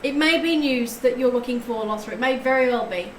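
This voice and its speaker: A woman's voice: on the high side, brisk, roomy sound, slight background noise, rough recording. A woman streaming live tarot readings, chatting effusively and thanking her viewers as she goes.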